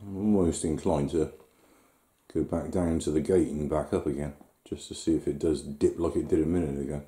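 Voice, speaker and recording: Low, dark-voiced man rambling. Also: fairly even intonation, a little fast. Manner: rambling, talks to himself and the viewer with fillers and chuckles. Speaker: vlogger. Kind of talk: casual self-filmed commentary.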